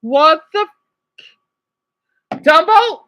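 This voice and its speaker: A woman livestreaming, reacting to videos and chat, swinging between furious rants and quiet apologies. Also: very high voice, animated, very slow, slight background noise.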